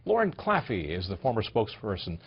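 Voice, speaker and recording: A male cable news anchor asking brisk, pointed questions in a panel debate. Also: on the low side, wildly swooping pitch, creaky, breathy edge. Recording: dull broadcast audio.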